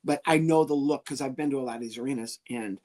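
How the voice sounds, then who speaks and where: A man, a comedian guest on an interview show, telling an animated story and acting out the people in it. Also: medium pitch, fast talker. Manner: lively, animated, acts out the people he quotes.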